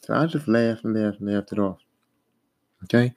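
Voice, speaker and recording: Animated storytelling man, mellow voice. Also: on the low side, normal speed. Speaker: podcast host telling work stories. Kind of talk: casual spoken anecdote.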